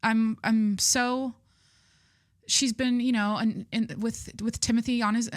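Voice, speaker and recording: A woman's voice: fairly high pitch, steady tone, slow, no room sound, clean studio sound. A young adult woman hosting her podcast, chatting in a rambling, candid way with lots of fillers and restarts, gushing and swearing casually. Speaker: podcast host. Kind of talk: casual chat.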